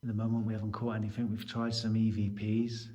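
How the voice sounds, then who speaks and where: A calm, low-key man, narrating a ghost-hunting vlog. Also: quick pace, highs cut off. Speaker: ghost hunter.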